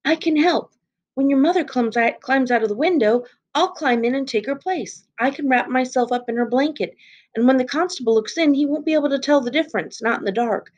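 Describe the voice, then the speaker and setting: A woman's voice: on the high side, expressive, moderate pace, lo-fi sound, pitched above the performer's own voice. Anxious young girl, urgent and pleading, read by a woman.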